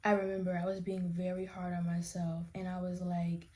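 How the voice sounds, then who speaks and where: A woman's voice: fairly low pitch, monotone, normal speed, few pauses, warm tone. A young woman doing her makeup while telling her story in a candid, rambling chat, often restarting her sentences. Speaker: vlogger. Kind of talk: casual get-ready-with-me chat.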